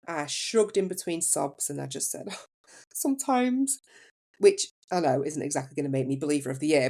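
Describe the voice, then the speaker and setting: A woman tells a personal story on her podcast. She talks candidly and conversationally, with a fairly low voice. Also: a little mellow. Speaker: podcast host.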